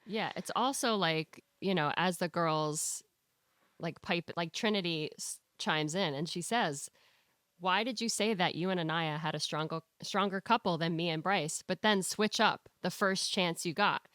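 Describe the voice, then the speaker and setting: A woman's voice: on the low side, a little slow, a bit bright, no echo, clean studio sound. A woman co-hosting a podcast, recapping a reality show in earnest, emotional casual chat. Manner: emotional, earnest, emphatic agreement. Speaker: temporary podcast co-host.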